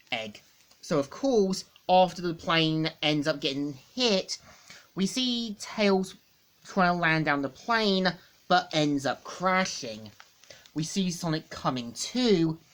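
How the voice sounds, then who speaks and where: A woman reviewing a comic book, loosely retelling the story and repeating the same phrases. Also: sits low.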